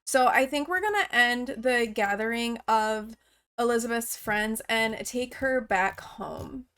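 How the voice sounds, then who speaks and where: A woman giving chatty, casual gameplay commentary with frequent gasps and excited exclamations. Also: on the high side, unhurried, clear, resonant tone. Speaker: let's play host.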